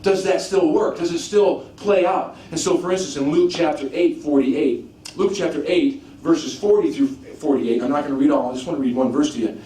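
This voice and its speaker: A man preaching a teaching sermon, animated, asking rhetorical questions and often restarting his sentences. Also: on the high side, moderate pace. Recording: echoey room, mic at a distance, faint background noise.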